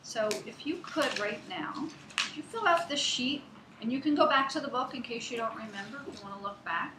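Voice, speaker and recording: A woman's voice: fairly high pitch, brisk, noisy background. A woman teacher giving a one-on-one reading lesson, explaining things patiently, step by step. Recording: echoey room.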